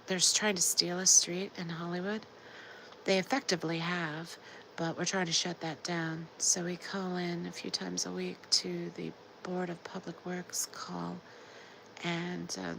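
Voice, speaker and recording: A tired woman with a sore, scratchy throat chatting casually on a late-night livestream, drifting into soft whispers. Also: on the low side, creaky. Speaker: livestream host.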